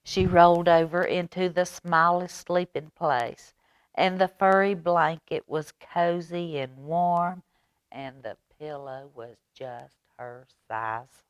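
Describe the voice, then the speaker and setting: A woman librarian reading a children's picture book aloud, expressive and gentle, with a Southern US accent. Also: fairly low pitch, slow, dry recording. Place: public library.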